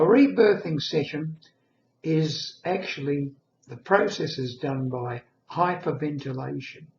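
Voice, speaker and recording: Old man in his 80s telling a story real slow, gravelly voice, dull echoey room. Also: mid-range voice, a little mellow, a little hiss or hum. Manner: slow, earnest, reflective. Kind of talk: personal reminiscence monologue.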